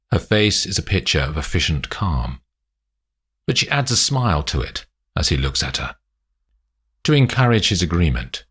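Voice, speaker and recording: A man narrating a spy story aloud in a slow, expressive way. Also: deep voice, breathy edge. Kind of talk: audiobook narration.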